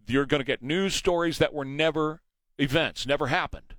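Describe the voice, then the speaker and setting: A man's voice: on the high side, normal speed, a bit bright, no room sound. A man hosting a morning news talk show, talking emphatically and asking rhetorical questions into a studio mic. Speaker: radio talk show host.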